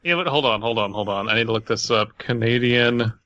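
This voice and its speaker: Man, podcast co-host, casual banter, bright tone, slightly drunk, dull recording. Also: mid-range voice, fairly quick. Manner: joking, banters, puts on silly voices. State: has been drinking. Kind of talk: casual chat.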